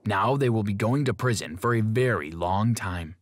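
A man voicing a calm father who is a secret agent in an animated story, explaining steadily. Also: on the low side, normal speed.

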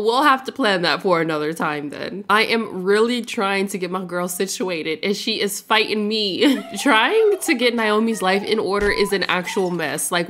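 Chatty young woman with a lively voice. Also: mid-range voice. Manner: chatty, playful, laughs often. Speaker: gaming YouTuber. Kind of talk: casual let's play commentary.

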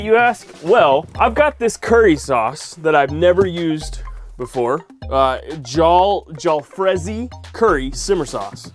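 A man casually chatting to the camera in a van vlog in a playful, joking manner. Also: high voice. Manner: playful, talks to his dog, sings goofily. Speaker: vlogger. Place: camper van in winter.

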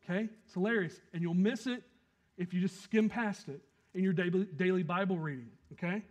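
A man preaching a sermon, swinging between loud emphasis and quiet asides and acting out quick quotes. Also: high voice. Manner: plays out the scene with quick acted quotes. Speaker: pastor.

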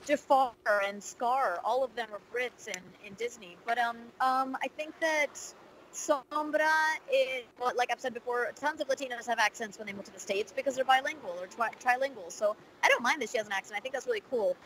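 A woman voice actor answering interview questions in a candid, lively way, with frequent fillers. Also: a little high, a little fast, rough recording.

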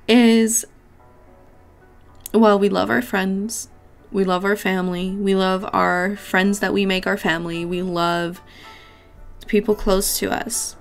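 A woman's voice: mid-range voice, little pitch movement, unhurried, creaky, long pauses, soft background music. A woman giving a casual pick-a-card tarot reading, chatty and affectionate, with casual swearing. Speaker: tarot reader.

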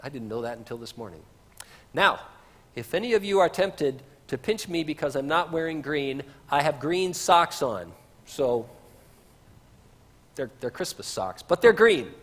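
A man's voice: on the high side, animated, measured pace, fairly bright tone. A man preaching a sermon as pastor, in a conversational way with casual asides, in a church sanctuary. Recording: reverberant church livestream.

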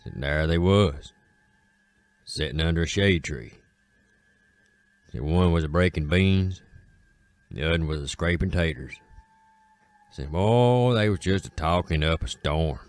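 A man with an Appalachian accent telling a folk tale in a slow, drawling way, with dramatic pauses. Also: low-pitched, no room sound. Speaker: storyteller. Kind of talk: folksy spoken storytelling.

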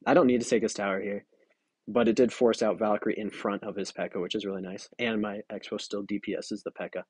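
A man's voice: on the low side, fairly even intonation, fast talker, husky, no room sound, studio quality. A tired young man giving casual, giggly, self-mocking commentary while playing a mobile game. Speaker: gaming video creator.

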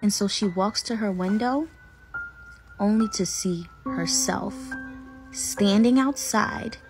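A woman casually telling a spooky story with suspenseful pauses. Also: mid-range voice, music in the background. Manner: dramatic, suspenseful. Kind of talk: casual spoken ghost story.

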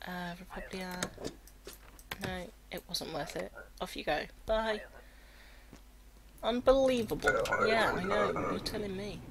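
This let's play gamer is a woman with a medium-pitched voice who talks a little slowly and pauses often. She comments casually on her video game, reading its text out loud and making jokes, with game music underneath and a noisy background.

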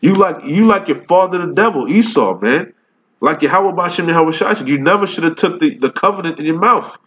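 A man preaching a scripture-reading sermon, scolding listeners with profanity and reading verses slowly and deliberately. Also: a little high, lively intonation, a bit bright. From Caribbean islands. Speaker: street preacher. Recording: dull lo-fi recording.

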